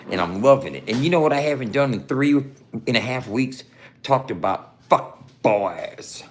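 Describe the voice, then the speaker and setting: Brief: male livestream host at home, foul-mouthed and laughing, mid-pitched voice, slight hiss on the line. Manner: swears constantly, laughs often, animated. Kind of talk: profane casual livestream chat. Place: room at home.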